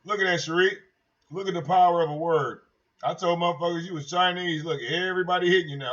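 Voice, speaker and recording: A high-voiced man holds forth on his own livestream in a brash, profane and mocking way, circling back over the same points. His voice comes through dull, lo-fi stream audio. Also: fairly even intonation, quick pace, a bit bright. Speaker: livestream host. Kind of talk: casual livestream rant.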